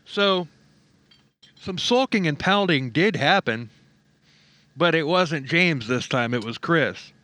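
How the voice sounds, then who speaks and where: A man co-hosts a true-crime podcast in a loose, joking way, laughing often as he tells the story. His voice sits a little higher than most men's and is recorded close and dry, with no room sound. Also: expressive, slow, pauses often, sharp tone, no echo. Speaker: podcast co-host.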